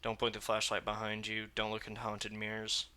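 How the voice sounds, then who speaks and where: A young man gives casual reaction commentary. His voice is low yet bright and forceful, and he talks bluntly and with agitation, circling back to the same phrases again and again. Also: completely flat delivery, brisk. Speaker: reaction video host.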